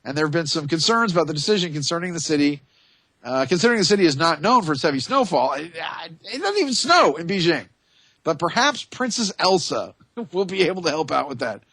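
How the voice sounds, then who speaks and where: A male talk radio host with a fairly high, tense, forceful voice, recorded dry and close on a studio microphone. He rambles through his monologue with sarcastic, mocking asides. Between the asides he reads items aloud in a slower, deliberate voice. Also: sing-song, dry recording.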